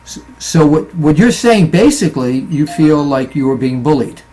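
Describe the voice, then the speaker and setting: A man hosting a casual interview, prompting his guest and speaking haltingly. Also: fairly high pitch, expressive, mellow. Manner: brief encouraging interjections, halting. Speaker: interviewer, host.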